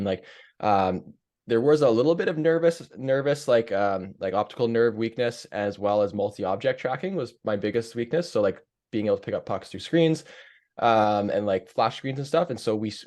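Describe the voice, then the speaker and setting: A man's voice: lowish voice, darkish tone. A man co-hosting a goalie training podcast, talking frankly and confidently in casual chat. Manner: frank, confident, sprinkled with fillers. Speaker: podcast co-host.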